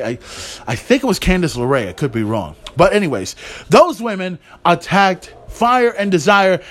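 A man hosting a solo podcast in an excited recap style, swearing freely and shouting on big moments. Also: a little high. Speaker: podcast host.

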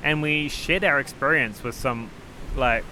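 A man's voice: mid-range voice, a little slow, pushed and bright, a little hiss or hum. A man with a New Zealand accent narrating a travel vlog in a wry, upbeat way. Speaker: travel vlogger.

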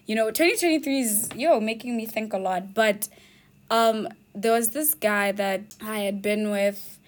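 A woman's voice: medium pitch, measured pace. Chatty young woman from Botswana. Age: young adult. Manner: chatty, laughs often, keeps asking "you know what I mean". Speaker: podcast host. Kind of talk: casual podcast chat.

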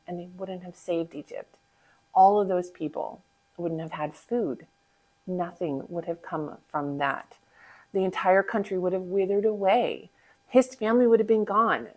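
A woman telling a Bible story to listeners in an animated way, asking them questions. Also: on the low side, low-quality recording. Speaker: children's Bible story teller.

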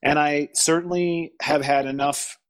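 A man speaking as a guest in a casual spiritual conversation, pausing, restarting and searching for words. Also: on the high side, steady tone. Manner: halting, searching for words, frequent restarts and laughs. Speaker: podcast guest.

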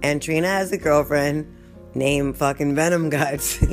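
A woman's voice: deep voice, takes it slowly, gravelly, soft background music. A woman vlogger venting in a casual story, swearing constantly, rambling off topic and breaking into laughter often.

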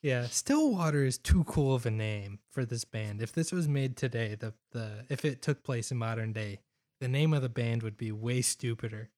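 A young man in casual movie chat, laid-back and making dry quips, often speaking quietly. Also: mid-range voice, animated, normal speed.

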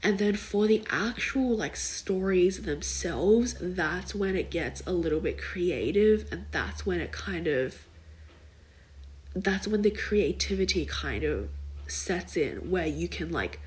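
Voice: medium pitch, lively intonation, slow, rough recording. A young adult podcast host chatting casually on their own. The talk wanders and is full of "like" and "kind of", with loose, half-finished thoughts. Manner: rambling, filler-heavy, many likes and kind ofs. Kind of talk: casual solo podcast chat.

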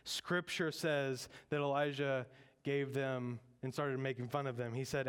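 A man preaching a sermon in a lively, conversational way, with joking asides. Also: mid-range voice, measured pace, clean tone. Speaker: pastor.

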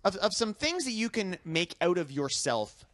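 A man's voice: high-pitched, very animated, normal speed, a bit bright, no room sound. A man hosting a casual podcast, joking and reading out odd news items with many restarts. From Canada. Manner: chatty, joking, stumbling restarts. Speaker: podcast host.

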